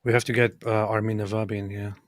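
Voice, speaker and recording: A man's voice: lowish voice, level tone, fast, dry recording, studio quality. A man guesting on a livestream, chatting casually, laughing often and giving short replies.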